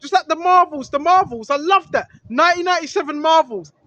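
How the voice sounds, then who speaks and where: High-voiced emphatic preaching man. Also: fast, dry recording. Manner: emphatic, repetitive, rising to shouts. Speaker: street preacher. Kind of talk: informal preaching and scripture reading. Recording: dull lo-fi recording with faint noise.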